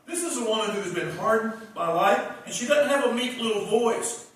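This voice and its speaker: A man preaching a revival sermon, telling the story in an animated way and acting out the characters' lines. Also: high voice, normal speed. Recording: echoey hall, distant mic.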